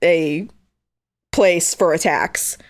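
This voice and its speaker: A woman's voice: on the low side, drawn-out words. A young woman co-hosting a podcast in casual, chatty talk, often filling her sentences with "like". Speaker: podcast co-host. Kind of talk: casual chat.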